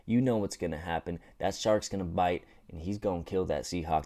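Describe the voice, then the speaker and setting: A man hosting a casual sports commentary vlog, animated and joking with lots of swearing. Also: low-pitched, a little fast. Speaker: host.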